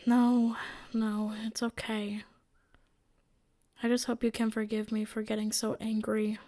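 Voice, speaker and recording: Woman reading as a teasing ginger she-wolf, storybook, loud and playful, slow, even-toned. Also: a little high, close to an everyday voice. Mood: upset.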